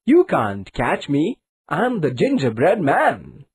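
A woman's voice: sits low, huge pitch swings, takes it slowly, darkish tone, slightly rough, heavily acted. A woman voicing a boastful little gingerbread man cookie in a taunting sing-song chant.

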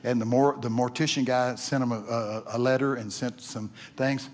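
A man preaching to a congregation, spinning folksy stories in his middle-pitched voice. He repeats himself as he goes and keeps climbing into loud, excited exclamations. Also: moderate pace. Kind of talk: sermon with storytelling. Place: church.

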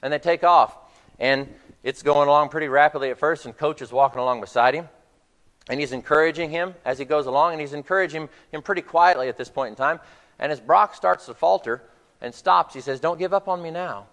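A man's voice: a little high, brisk, a bit bright, long reverb tail. A man preaching a sermon to his congregation, retelling a film scene as a story. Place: church hall.

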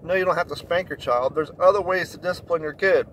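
Guy ranting into the camera, kinda high voice, swears a lot, traffic noise behind him. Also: quick pace, poor audio. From Kentucky, USA. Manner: blunt and profane, rising to shouts when indignant. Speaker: vlogger. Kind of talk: ranting storytelling monologue.

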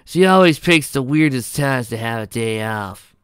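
A man voicing a friendly young mare who works at a club, talking slowly and easily in a read-aloud pony story. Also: medium pitch, lively intonation, fairly bright tone, no room sound, clean studio sound, pitched above the performer's own voice. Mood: easygoing. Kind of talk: fan fiction read aloud.

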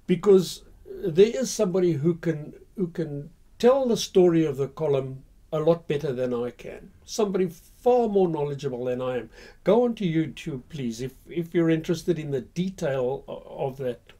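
A male history host tells his story casually, pausing on "uh" and "um" as he goes. His voice is mellow and warm and sits slightly high for a man. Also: lively intonation. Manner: conversational with frequent fillers.

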